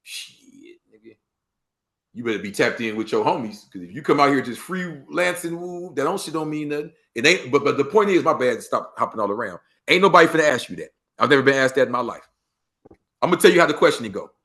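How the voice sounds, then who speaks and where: A man from Los Angeles with a Los Angeles accent, a podcast guest talking in an animated way, acting out quoted street talk with heavy slang. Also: medium pitch, a little fast. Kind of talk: casual storytelling interview.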